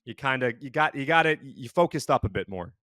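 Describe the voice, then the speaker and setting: Male co-host, measured and analytical, mid-pitch, dry sound. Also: animated, fairly bright tone, no echo. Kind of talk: casual sports chat.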